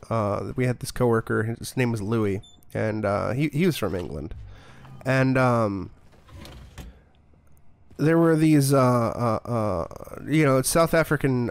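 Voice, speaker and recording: A man's voice: mid-range voice, gravelly. A man streaming a horror game, chatting casually in a rambling, joking and profane way. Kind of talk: casual gaming commentary.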